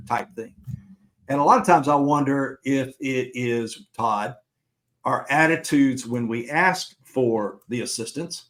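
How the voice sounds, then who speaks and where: Unhurried and mid-range in pitch, the middle-aged co-host spins a long personal story on the podcast in a chatty, easygoing way, performing the dialogue of the others involved.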